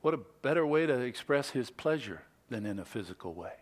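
A middle-aged man preaching a Father's Day sermon in a conversational way, with homey asides and hushed, tender moments. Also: mid-range voice, sing-song, brisk. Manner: conversational preaching with quoted asides, dropping to soft whispers. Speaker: pastor.

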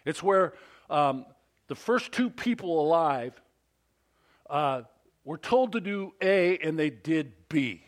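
A man preaching at a church service who tells a story before turning to his teaching. He keeps checking in with the congregation, and his fairly high voice rises and falls a great deal. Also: slow. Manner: animated storytelling with frequent questions to the congregation. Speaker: pastor. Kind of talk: sermon.

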